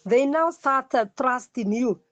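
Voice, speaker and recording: Woman, counselling lecturer, unhurried, emphatic repetition, dry recording. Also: high voice, no room sound, highs cut off. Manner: repeats key words slowly for emphasis. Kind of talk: classroom lecture.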